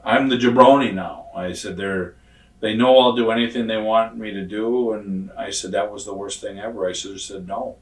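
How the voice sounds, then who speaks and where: A man's voice: on the low side, fairly even intonation, normal speed. A man in his sixties telling blunt, profane stories in a casual interview and acting out what other people said. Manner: blunt, profane, acts out quoted dialogue. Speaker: retired pro wrestler telling stories. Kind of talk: casual shoot interview storytelling. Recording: roomy sound from a distant mic.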